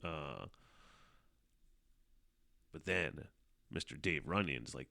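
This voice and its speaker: A man's voice: on the low side, moderate pace, bright, forceful tone, no echo, studio quality. A middle-aged man from hosting his own podcast, rambling casually and swearing a lot, with plenty of fillers. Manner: rambling and profane, with frequent fillers and laughs. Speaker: podcast host. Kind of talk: casual solo podcast monologue.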